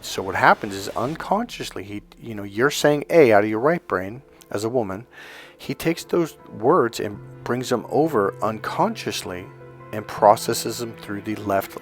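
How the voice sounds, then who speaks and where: Emphatic male relationship coach. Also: fairly low pitch. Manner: emphatic, acts out quoted couples' lines. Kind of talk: solo coaching monologue.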